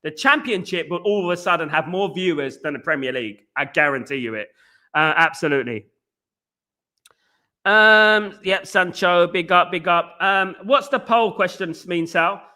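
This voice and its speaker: A man's voice: high voice, lively intonation, normal speed, bright, forceful tone. A man hosting a live fan stream, reading chat comments and ranting with exasperation. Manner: ranting, exasperated, repeats himself.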